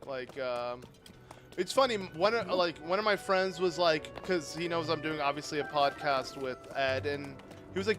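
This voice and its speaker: A young man streaming a game, chatting casually and rambling as he answers his viewers, with sudden loud outbursts. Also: a little high, normal speed. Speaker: livestreamer playing a game. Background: game music.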